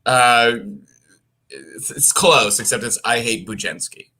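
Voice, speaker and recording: A man's voice: mid-range voice, animated, takes it slowly, sharp tone, poor audio. A man co-hosting a podcast in casual chat, blunt and swearing freely. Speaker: podcast co-host.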